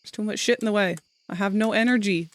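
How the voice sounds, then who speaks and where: A woman's voice: mid-range voice, quick pace. Chatty woman streamer. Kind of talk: casual gameplay chat.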